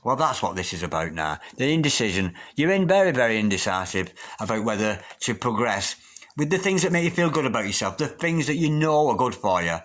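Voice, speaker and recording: A man giving a solo tarot reading to his viewers, chatty and encouraging, with sudden loud exclamations that drop to hushed, near-whispered asides. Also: medium pitch, very animated, fairly quick. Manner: chatty, encouraging, repeats pet phrases. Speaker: tarot reader.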